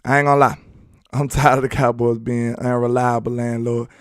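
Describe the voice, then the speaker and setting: A man's voice: medium pitch, little pitch movement, normal speed, no room sound. Laid-back male sports streamer, dry close sound. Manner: laid-back, rambling, chats with viewers and laughs often. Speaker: sports talk show host. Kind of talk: casual live-stream sports chat.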